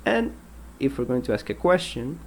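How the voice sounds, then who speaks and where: A man teaching an English grammar lesson, patient and explanatory, repeating example sentences and pausing with ums. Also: mid-range voice, big pitch swings, darkish tone, a little hiss or hum.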